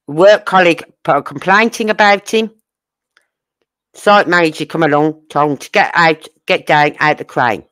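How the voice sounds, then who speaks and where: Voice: mid-range voice, fairly bright tone. A true crime channel host giving casual commentary, asking sarcastic rhetorical questions and using blunt, crude slang.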